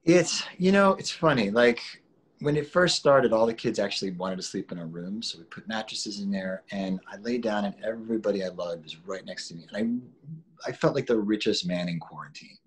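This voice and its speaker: A man in his forties, an actor being interviewed, talking in a relaxed, rambling way with restarts and laughs. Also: on the low side, brisk, a little hiss or hum. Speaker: actor guest. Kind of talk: casual interview chat.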